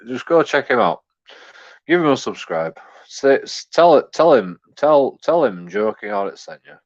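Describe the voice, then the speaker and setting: English bloke going off on a sweary rambling rant, kinda dull lo-fi audio. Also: male voice, on the low side. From England. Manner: profane, rambling, stumbling repeats, chuckling. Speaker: YouTube commentator. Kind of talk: casual rant.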